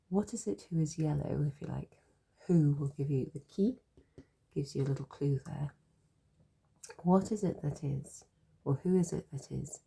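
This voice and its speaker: A woman with a sore throat talks a class through French jokes, repeating each word with patient care. Her voice sits low and dark, rough with fry and a husky edge. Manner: patient, repeats and spells out words slowly. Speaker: French teacher. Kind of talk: explaining French jokes in a language lesson.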